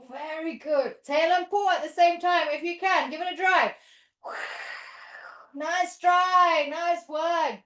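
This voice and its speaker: High-voiced, encouraging woman yoga teacher. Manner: encouraging, praising, playful storytelling. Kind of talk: guided toddler yoga class. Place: yoga studio. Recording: echoey room.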